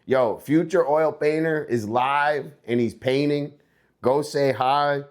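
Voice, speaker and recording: A man's voice: a little high, slow pace. A young American man hosting a casual livestream, laid-back and rambling, breaking into hyped, sing-song bits. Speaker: livestream host.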